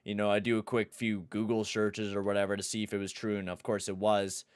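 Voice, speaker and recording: Young male streamer, lowish smooth voice, dry close sound, excitable and profane. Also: fairly quick, no room sound. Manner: excitable, swears, shouts at the game. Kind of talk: live gameplay commentary and chat.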